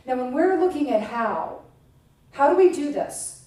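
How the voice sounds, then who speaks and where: Middle-aged woman pastor, chatty self-mocking sermon, mellow voice, lots of hall echo. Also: sits high, animated, a little slow. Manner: chatty and self-mocking, with playful acted-out quotes. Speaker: minister. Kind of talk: casual conversational sermon. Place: church sanctuary. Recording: echoey hall, voice from a distance.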